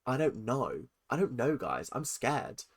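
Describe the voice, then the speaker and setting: A young host in their twenties, ranting through a reaction video in a sarcastic, animated way and swearing freely. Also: mid-range voice, a little slow, heavy background noise. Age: 20s.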